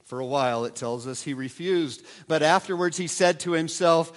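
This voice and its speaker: A man preaching a sermon as pastor, lively with wry asides and frequent restarts. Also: fairly high pitch, normal speed, few pauses. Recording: long reverb of a large hall.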